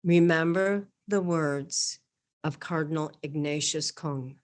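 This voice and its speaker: A woman guest reading a homily aloud in an earnest, measured way, rising to emphatic peaks. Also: sits low.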